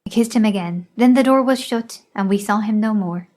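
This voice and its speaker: Measured woman reader for a memoir audiobook, even mid-range voice. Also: medium pitch. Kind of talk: scripted narration.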